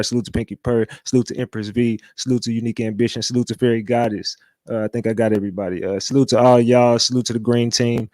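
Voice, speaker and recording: A man hosting a casual livestream, talking loosely, repeating catchphrases and shouting out viewers. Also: mid-range voice, dry recording. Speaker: livestream host.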